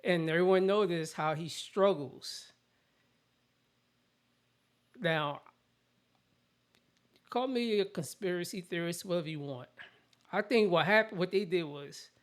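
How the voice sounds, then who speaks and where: A host delivering casual political commentary in a blunt, opinionated rant. The voice sits in a middle pitch and talks in plain everyday terms. Sentences often break off and start again. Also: measured pace, long pauses.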